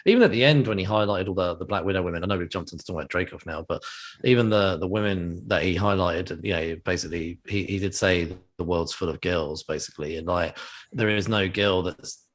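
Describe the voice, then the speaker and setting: Rambling low-voiced male podcast host. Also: quick pace. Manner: rambling, stammers and restarts, laughs often. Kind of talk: casual chat.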